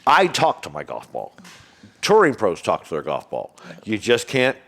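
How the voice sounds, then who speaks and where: Guest storyteller, man from Illinois, golf course owner, swoops up and down in pitch, acts out quoted lines. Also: normal speed, creaky. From Springfield, Illinois, USA. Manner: animated, acts out other people's lines in quoted speech. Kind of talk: casual storytelling.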